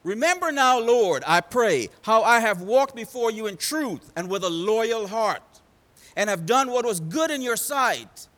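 A man's voice: high voice, big pitch swings, a little slow, a bit bright, in a large hall, pitched above the performer's own voice, exaggerated voice. A preacher voicing Hezekiah, a king pleading in anguish.

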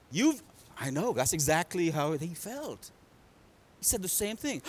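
A man preaching a sermon in a dramatic, call-and-response style that swings from loud to hushed. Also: fairly high pitch, sing-song, a little slow, slightly rough.

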